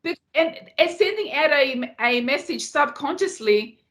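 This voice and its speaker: A woman's voice: high-pitched, expressive, measured pace, a bit bright. A woman guest on a podcast interview, talking passionately and often repeating words as she makes her point. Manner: passionate, repeats herself when emphasizing. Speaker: podcast guest, Muay Thai fighter. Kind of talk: casual interview.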